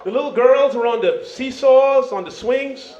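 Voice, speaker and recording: High-voiced Jamaican-born stand-up comedian. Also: male voice, normal speed, darkish tone. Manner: loose, chatty, frequent "you know" and "man". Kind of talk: stand-up set. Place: comedy club stage. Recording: roomy dull club recording.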